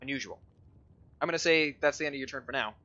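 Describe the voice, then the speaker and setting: A man's voice: mid-range voice, quick pace, sharp tone, dull audio. A man narrating a tabletop game as game master, describing scenes and rules in an explanatory way with frequent fillers.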